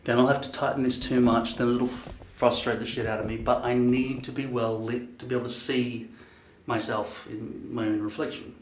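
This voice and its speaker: A man's voice: medium pitch, level tone, moderate pace, noisy background. A man in his fifties rambling casually to camera, musing aloud and swearing freely. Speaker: vlogger. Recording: echoey room.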